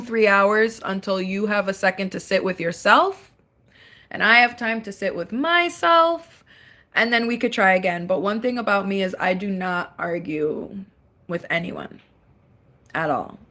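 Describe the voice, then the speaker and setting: A chatty young woman talks live to her viewers from a dark room at home, speaking into her phone. Her voice sits in an ordinary middle range for a woman. She laughs often and hums or sings short snatches between remarks. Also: mid-range voice. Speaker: livestream host. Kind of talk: casual livestream chat, reading comments.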